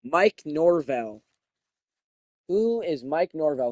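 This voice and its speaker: A young man giving casual, profane commentary while playing a video game, thinking out loud and getting excited. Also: medium pitch, slow, pauses often, no echo. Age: young adult.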